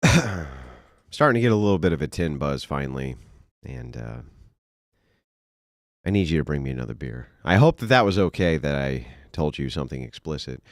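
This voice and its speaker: A man's voice: rumbling low, lively intonation, moderate pace, no room sound. A man streaming, mocking a clip with dry sarcasm. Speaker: streamer and debate host. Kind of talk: mocking live-stream commentary.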